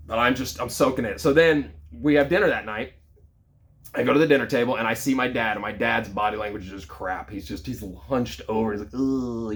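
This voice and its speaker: A man in his thirties, a sales leader, telling a personal story in a casual, conversational way with plenty of fillers. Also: medium pitch.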